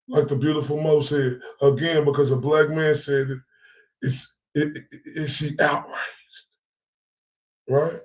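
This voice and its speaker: A man speaking rants to his followers in a heated, profane vlog monologue. His voice sits a bit higher than most men's, and he keeps circling back with "right?" and repeated phrases. The room around him rings with echo. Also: flat delivery, unhurried, pauses often. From Dallas area. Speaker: vlogger.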